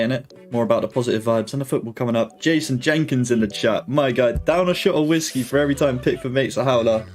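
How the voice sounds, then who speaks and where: A man's voice: medium pitch, fast, hardly any pauses, darkish tone. A young man talks into a desk mic at home while hosting a live football watch-along. He keeps up a loose, slangy banter and reads out his viewers' comments. Faint music plays underneath. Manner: chatty slangy banter with chat, reading comments aloud. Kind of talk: casual live-stream chat.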